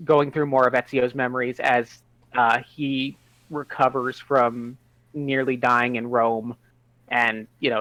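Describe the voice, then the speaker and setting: Male, even-tempered explainer, casual chat, dry close sound. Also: medium pitch, no room sound, rough recording.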